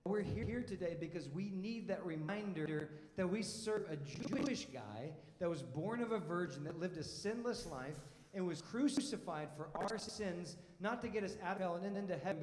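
A man's voice: high voice, lively intonation, moderate pace, few pauses, a little hiss or hum. A pastor preaching a sermon in a casual, emphatic way, asking the congregation questions and often repeating words as he restarts. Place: church hall. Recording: echoey hall with long reverb.

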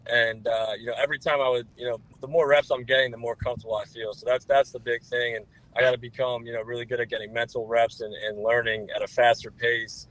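Fast-talking young man, flat delivery. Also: mid-range voice, poor audio. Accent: New Jersey. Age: 20s. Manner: relaxed, repeats filler words. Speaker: guest quarterback. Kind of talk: interview answers.

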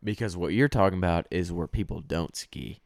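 A man's voice: low voice, vocal fry, dry recording, clean studio sound. A man from Texas with a Texan accent, telling a long story in casual podcast chat with lots of restarts and tangents. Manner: animated storyteller, drawn-out anecdotes with restarts.

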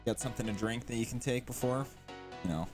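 A man's voice: mid-range voice, fast talker, over music. A man co-hosting a casual podcast, easygoing and steering the conversation. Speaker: podcast co-host.

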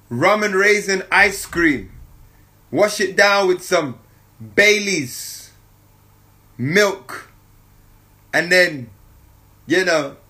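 A man's voice: high-pitched, sharp tone. A man giving a casual, jovial spiritual monologue, laughing often and talking in slang with lots of repetition.

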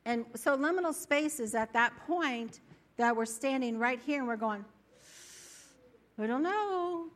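Bright, lively woman preaching. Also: fairly high pitch, normal speed. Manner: animated, acts out inner voices. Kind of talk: sermon. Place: church.

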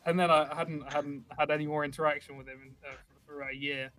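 A man's voice: fairly high pitch, little pitch movement, brisk, sharp tone. A man with a slightly raised voice tells a long story on a casual podcast. He rambles and restarts, mocking himself as he goes. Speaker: podcast guest.

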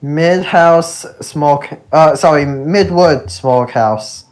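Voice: medium pitch, takes it slowly, darkish tone. A podcast co-host in casual chat, reading out restaurant names one by one with lots of hesitation. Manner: reads out restaurant names, hesitant with many uhs.

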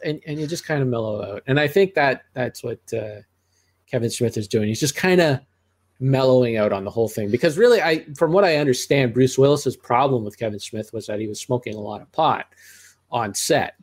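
A middle-aged podcast co-host with a mid-range voice speaks fairly quickly. He reviews movies in relaxed, rambling talk that's full of restarts and side remarks.

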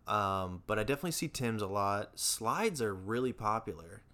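Young man, casual podcast chat, animated pitch, blunt, judgmental, profane. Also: moderate pace. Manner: blunt, judgmental, swears freely. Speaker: podcast co-host.

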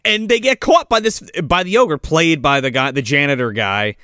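A man's voice: a little high, normal speed, sharp tone, dry recording, clean studio sound. A man co-hosting a podcast, mocking a movie in crude, heavily profane casual chat. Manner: crude, heavy swearing, mocking. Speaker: podcast co-host.

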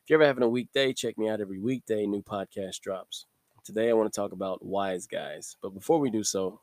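A man's voice: on the low side, fast, no echo. A man hosting his own podcast, talking casually about scripture, reading verses aloud and chuckling between thoughts. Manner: relaxed and conversational, chuckles often, reads scripture aloud. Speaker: podcast host. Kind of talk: casual devotional podcast talk.

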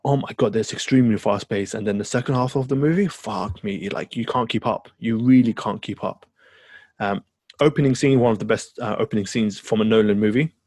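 A man's voice: lowish voice, a little mellow, breathy edge, no echo. A man co-hosting a podcast, chatting eagerly and rambling, swearing now and then. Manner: enthusiastic, rambling, swears casually. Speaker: podcast co-host. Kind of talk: casual chat.

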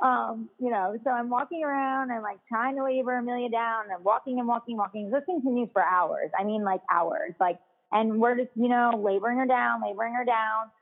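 A chatty woman with a fairly high voice tells a long personal story in casual conversation. She leans heavily on "like" and laughs easily. Her voice comes through thin and tinny, as if over a phone line. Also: fairly quick. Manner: chatty, heavy use of "like" fillers, laughs often.

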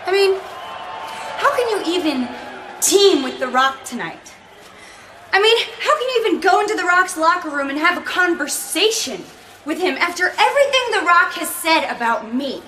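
A woman's voice: very high voice, very animated, normal speed, pushed and bright, a little hiss or hum, exaggerated voice. A woman delivering an indignant scripted wrestling promo, played from an archive clip. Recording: roomy archive TV audio.

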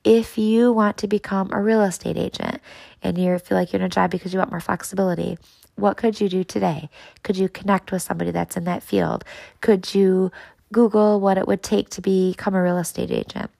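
Earnest woman podcast host, gravelly edge. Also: medium pitch, steady tone, a little fast, dark tone, dry recording, low-quality recording. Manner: earnest, encouraging, speaks directly to listeners. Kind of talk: motivational podcast talk.

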